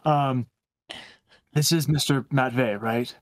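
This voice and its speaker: A man voicing a calm male adventurer in a tabletop game, speaking gently and reassuringly. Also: mid-range voice, slow, dry recording, natural voice. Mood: soothing. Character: calm male adventurer who tends the grieving.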